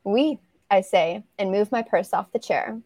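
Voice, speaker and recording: A woman's voice: medium pitch, measured pace, darkish tone, no echo. A woman who writes romance novels, reading her own chapter aloud as a guest on a podcast over a video call. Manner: casual, laughs easily between lines.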